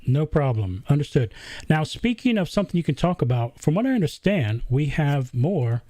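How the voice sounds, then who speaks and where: A man's voice: a little high, very animated, normal speed, dark tone. A male host in a casual live-stream interview, chatting and reading viewer questions aloud. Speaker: podcast host.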